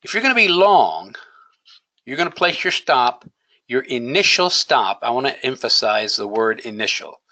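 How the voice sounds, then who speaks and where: Bright, emphatic male trading coach. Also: medium pitch, big pitch swings, moderate pace, low-quality recording. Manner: emphatic, coaching, rhetorical questions. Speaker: trading educator. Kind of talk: screen-share trading lesson.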